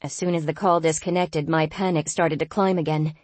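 A woman giving a tense, expressive first-person audiobook narration. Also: deep voice, a little fast, no echo.

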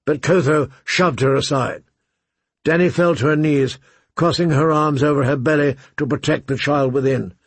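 A man narrating an audiobook in a measured, unhurried reading voice with a gravelly, husky quality. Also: on the high side, no room sound.

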